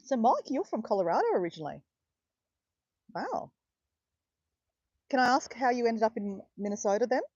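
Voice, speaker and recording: A woman's voice: on the high side, normal speed, pauses often, dry recording, dull audio. An Australian woman hosting a live stream, chatting casually and greeting viewers by name. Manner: chatty, addresses viewers by name, bursts of excited cheering. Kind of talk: chatty livestream talk to viewers.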